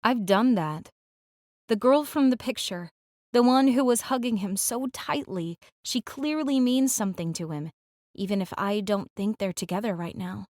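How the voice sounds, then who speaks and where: A woman narrating a first-person audiobook in a reflective, rueful way, moving quickly through her thoughts. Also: mid-range voice, darkish tone, no room sound, clean studio sound. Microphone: close studio mic.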